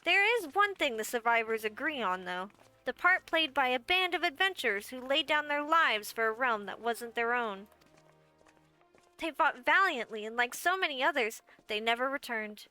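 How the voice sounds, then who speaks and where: A woman's voice: sits high, animated, moderate pace, bright, forceful tone, clean tone, faint music behind. A woman voicing a brassy, folksy little guildmaster and innkeeper in a game, with a wry storytelling manner. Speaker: game character. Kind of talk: game voice acting.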